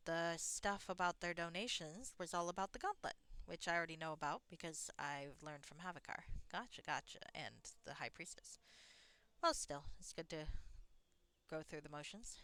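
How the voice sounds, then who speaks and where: Bright-voiced woman streamer, chatty. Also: on the low side, normal speed, clear, resonant tone. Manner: chatty, frank, self-mocking. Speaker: streamer playing a roleplaying game. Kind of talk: casual live-stream commentary.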